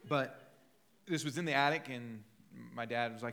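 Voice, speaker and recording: A man's voice: mid-range voice, moderate pace, creaky, sharp tone. A man preaching a sermon in a conversational, storytelling way, acting out quoted voices. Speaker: pastor.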